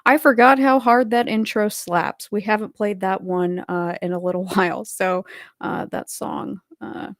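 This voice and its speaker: A woman hosts a casual livestream, talking in a loose, rambling way with frequent "uh"s as she greets chat viewers by name. Her voice sits at an ordinary middle pitch. The sound is dry and close, with no room echo. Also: level tone, unhurried. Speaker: livestream host.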